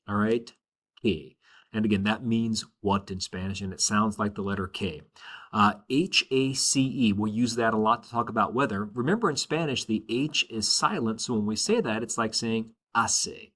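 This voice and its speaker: A man's voice: mid-range voice, bright, forceful tone. A man teaching a Spanish class in a recorded introduction, upbeat, with many "uh"s and "all right?" checks.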